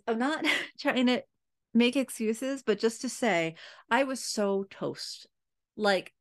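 Candid chatty woman telling a parenting story. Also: mid-range voice. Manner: candid, chatty, many fillers and asides to listeners. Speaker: podcast host and parenting coach. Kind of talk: casual storytelling monologue.

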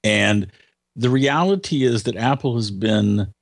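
A tech commentator with a creaky, lowish voice speaks at a measured pace in casual conversation. He hesitates and restarts repeatedly before landing his point emphatically.

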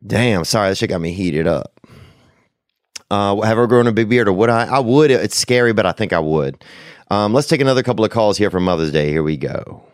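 Rambling, profane podcast host, low voice. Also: male voice, expressive, a little fast, no room sound, clean studio sound. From United States. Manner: rambling, profane, slangy storytelling with sudden loud bursts. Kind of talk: casual podcast storytelling.

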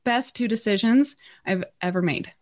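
A woman telling a motivational story, animated, acting out the voices in her quotes with big jumps in pitch. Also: moderate pace. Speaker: guest speaker.

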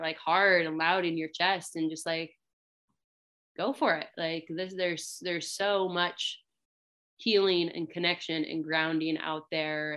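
A woman who works as a hunting guide tells her life story in a casual, rambling way. Her voice sits a little low yet sounds bright and forceful. She leans on fillers and jumps up in pitch when she acts out what others said. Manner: chatty, many "like" fillers, acts out quotes with a raised voice. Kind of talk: personal storytelling.

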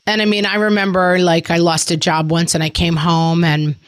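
A woman's voice: fairly low pitch, level tone, moderate pace, no echo, clean studio sound. A middle-aged woman co-hosting a casual parenting chat, talking in a chatty way full of "like" fillers. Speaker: podcast co-host.

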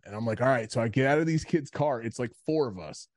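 A man's voice: mid-range voice, quick pace, a little mellow, dry recording, clean studio sound. A man co-hosting a podcast, telling a story in casual chat, rambling and swearing with lots of "like". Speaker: podcast co-host.

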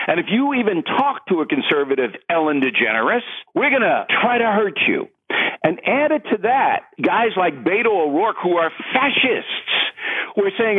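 A man's voice: fairly high pitch, big pitch swings, normal speed, breathy edge, phone-quality sound. A man who is an author and political commentator, talking as a guest in heated, emphatic commentary. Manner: emphatic, gets worked up, repeats for punch.

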